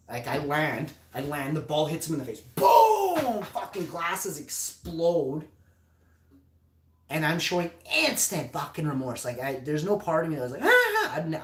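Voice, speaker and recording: A man telling a story on a livestream podcast, swearing constantly and getting loud and heated. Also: medium pitch, roomy sound. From Canada. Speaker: podcast host.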